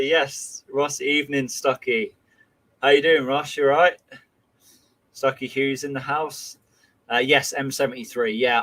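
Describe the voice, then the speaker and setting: A livestream host from England, with a mid-range, fairly bright voice on a rough recording, reads out viewer comments. His manner is chatty and friendly, with many fillers.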